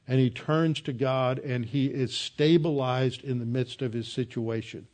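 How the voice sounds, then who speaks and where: A man preaching an expository Bible sermon, explaining scripture verse by verse. His voice sits at a medium pitch. He talks in an emphatic, earnest way, stressing key points. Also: fairly even intonation, unhurried, a little mellow.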